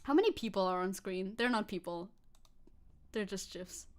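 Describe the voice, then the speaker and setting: A woman's voice: medium pitch, expressive, normal speed. A woman streaming casually, rambling and self-mocking with frequent laughs and restarts, speaking English with a non-native accent. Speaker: VTuber streamer. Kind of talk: casual livestream chat reacting to a video.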